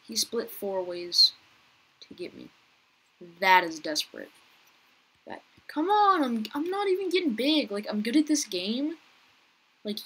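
A young woman giving casual gameplay commentary, chatty and talking to viewers and other players, her voice rough as she keeps clearing her throat. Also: mid-range voice, a bit bright, low-quality recording. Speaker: gaming youtuber.

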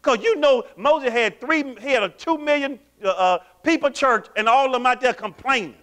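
Man, pastor, sermon, bright forceful tone, call-and-response questions. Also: very high voice, moderate pace. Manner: animated, quizzes the congregation with call-and-response questions.

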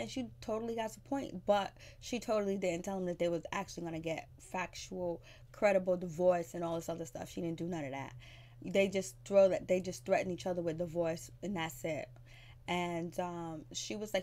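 A woman's voice: on the low side, fairly even intonation, normal speed, darkish tone. A woman, casually recapping a reality show, blunt and gossipy, acting out the cast's lines in sassy voices.

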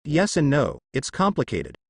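A man voicing a calm, ancient male fox spirit who speaks in a measured way. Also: medium pitch, gravelly, husky, no echo, clean studio sound, full character voice.

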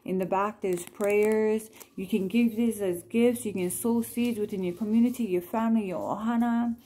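A woman chatting gently through scripture cards at home, reading verses and prayers aloud and apologizing with a laugh. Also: medium pitch, steady tone, normal speed. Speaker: Christian vlogger sharing scripture cards. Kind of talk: casual devotional chat with read-aloud scripture and prayers.

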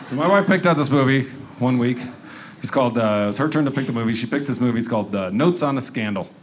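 A man's voice: mid-range voice, animated, fast. Guy telling a standup story, chatty, some background noise. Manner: conversational storytelling, acting out quotes. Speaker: stand-up comedian. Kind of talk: stand-up comedy routine.

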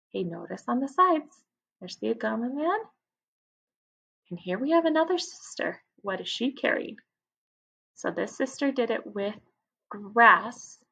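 A woman teacher reading a picture book aloud to her class, expressive and stopping to ask questions. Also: a little high, a little slow, creaky, pauses often, husky. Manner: expressive, asks listeners questions.

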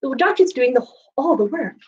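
A woman's voice: sits high, normal speed, highs cut off. A woman library storyteller reading picture books aloud to young children, asking them questions as she goes, with an occasional cough. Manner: animated, asks young listeners questions. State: coughing now and then.

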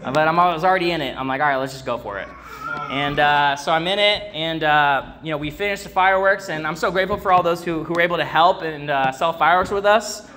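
A young man gives a church sermon centered on a personal story, speaking with a fairly high, sharp-toned voice at a quick pace. He rambles with lots of fillers and restarts, calls out to the congregation, and slight background noise is audible.

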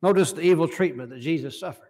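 A man's voice: fairly high pitch, fast, darkish tone. A man preaching a sermon in a church service, reading scripture passages aloud and asking the congregation questions. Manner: reads scripture aloud in King James wording, asks the hearers questions.

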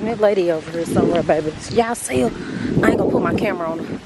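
A young woman vlogging casually, talking to viewers in an animated, slangy, joking way, first from a car and then outdoors on a hill. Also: fairly low pitch, rapid-fire, a little hiss or hum, low-quality recording.

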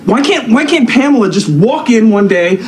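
An actor playing an overexcited TV producer who rambles through an idea. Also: male voice, a little hiss or hum. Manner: rapid excited pitching.

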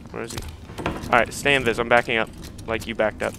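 A young man playing a game with his dad, giving constant orders, swearing and shouting when excited. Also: mid-range voice, fast, gravelly, noisy background. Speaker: gamer leading his dad.

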